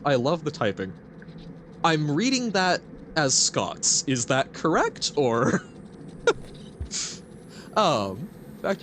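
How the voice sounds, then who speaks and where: A man's voice: mid-range voice, slight background noise. A man streaming a video game, chatting casually and reading chat aloud with frequent giggles. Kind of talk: casual gameplay commentary.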